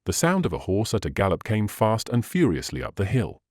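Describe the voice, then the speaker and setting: A man narrating a classic novel as an audiobook, in a measured, expressive reading. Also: lowish voice, no room sound, clean studio sound.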